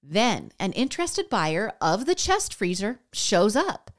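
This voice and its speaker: A woman's voice: medium pitch, very animated, takes it slowly. A woman hosting a podcast, reading a scripted news recap in a chatty way and speaking straight to her listeners. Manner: chatty, addresses listeners directly. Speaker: podcast host.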